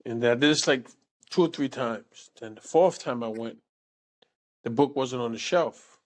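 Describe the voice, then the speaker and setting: A man in his sixties, an interview guest telling casual stories in a salty, animated way, often adding "man". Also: medium pitch, a little slow. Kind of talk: casual storytelling.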